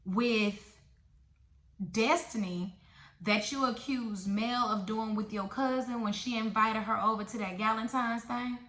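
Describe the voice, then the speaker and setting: A woman's voice: a little high, bright, forceful tone. A woman giving a blunt, sassy recap of a reality show, talking straight to her viewers. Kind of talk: casual opinionated show review. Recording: echoey room.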